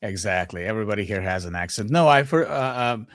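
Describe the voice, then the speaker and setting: A man with a Serbian accent, a native Serbian speaker hosting a casual podcast conversation and pausing often as he searches for words. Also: fairly low pitch, animated, no room sound, clean studio sound. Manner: halting, frequent pauses and restarts.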